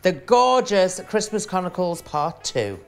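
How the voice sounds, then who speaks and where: A man's voice: high-pitched, sing-song, unhurried, creaky, faint music behind. A man co-hosting a reaction chat, teasing and crude, laughing often at his own jokes. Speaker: co-host reacting to a film.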